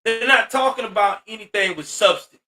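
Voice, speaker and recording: A man with a bright, high-pitched voice delivers blunt, profane commentary, lecturing his listeners. He sounds exasperated and straight-talking. The voice sits a little back from the mic. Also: fairly quick, far from the mic. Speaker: commentary host. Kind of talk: ranting social commentary.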